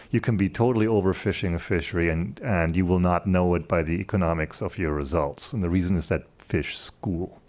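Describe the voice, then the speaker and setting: Low-voiced man explaining, "right?" tags. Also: darkish tone. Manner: explanatory, tag questions like "right?"; tells anecdotes. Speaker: panelist. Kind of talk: panel discussion answer.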